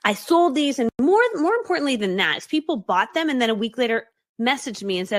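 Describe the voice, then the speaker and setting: A woman business coach telling her story live to an online audience, fast-talking and animated, acting out voices as she goes. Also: a little high. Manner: laughs often mid-story.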